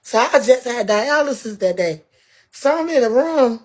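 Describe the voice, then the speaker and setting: A woman telling a story in a casual, animated way, laughing often and swearing freely. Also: fairly high pitch, normal speed. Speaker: guest.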